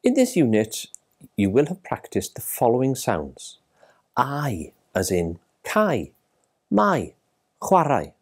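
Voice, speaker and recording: A man's voice: medium pitch, wildly swooping pitch, takes it slowly. A man teaching a language lesson in careful, scripted narration, spelling out each sound.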